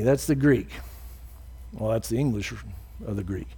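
A man's voice: a little slow, mellow, slightly rough. Earnest preaching pastor, man. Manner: earnest preaching, acts out quoted speakers with rising pitch. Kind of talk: sermon and closing prayer.

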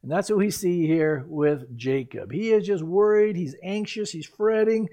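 A man preaching a verse-by-verse Bible teaching sermon, animated and lively, sometimes acting out the people in the story. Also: high voice, normal speed. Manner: animated, acts out quoted voices and reactions, laughs at his own asides. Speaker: pastor.

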